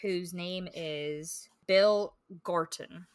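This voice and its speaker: A woman co-hosting a podcast, chatting casually about books in a rambling, animated way full of fillers. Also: lowish voice, very slow, clean tone, dry recording. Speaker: podcast co-host. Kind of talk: casual book-club chat.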